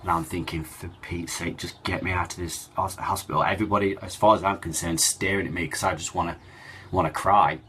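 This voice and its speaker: A man telling a personal story in a halting, emotional way, with many fillers and restarts. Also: low voice, fairly even intonation, fairly bright tone, slight background noise. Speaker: cancer survivor telling his story.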